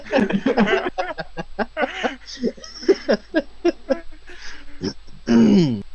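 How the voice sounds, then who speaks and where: Slow, laughing, lively player. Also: high voice, vocal fry, lo-fi sound, crowd noise. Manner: laughs often, teasing. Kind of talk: casual chat, tabletop game.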